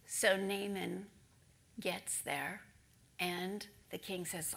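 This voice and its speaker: A woman preaching a sermon, telling a story with animation and dropping into hushed whispers for emphasis. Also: lowish voice, fairly even intonation, takes it slowly, creaky, slight background noise.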